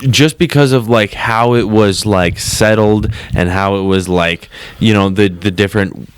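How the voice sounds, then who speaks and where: A man's voice: on the low side, unhurried, clean tone, dry recording. A man co-hosting a comedy podcast, laid-back and agreeable, riffing along with crude jokes. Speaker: podcast co-host. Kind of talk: casual comedic chat.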